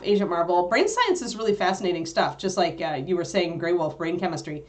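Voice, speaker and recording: A woman's voice: on the low side, expressive, a little fast, few pauses. A woman co-hosting a livestream, chatting casually with viewers, rambling with lots of fillers and easy laughs. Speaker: livestream co-host answering chat. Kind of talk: casual chat.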